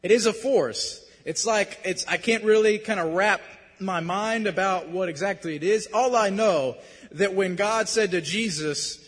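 A young man preaching a sermon, talking earnestly and conversationally, then suddenly building to loud emphasis. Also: sits high, a little slow, slightly rough, long reverb tail.

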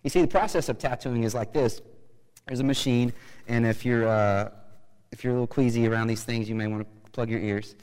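A man preaching a sermon, chatty and joking, rising to loud emphatic bursts. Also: mid-range voice, fairly quick, clean tone, big-room sound, poor audio. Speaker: pastor.

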